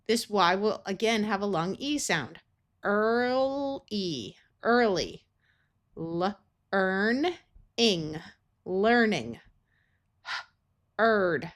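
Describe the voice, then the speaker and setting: A woman's voice: mid-range voice, a bit bright. An American woman teaching a phonics lesson, sounding out words carefully in parts. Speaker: reading tutor.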